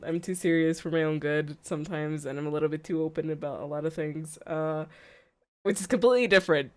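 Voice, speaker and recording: A woman streamer giving blunt, profane reaction commentary that swings between loud outbursts and low mumbling. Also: clear, resonant tone.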